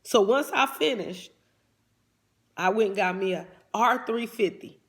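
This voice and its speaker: A woman's voice: medium pitch, a little slow. A woman life coach giving a motivational talk in a fervent preaching cadence, often repeating "come on".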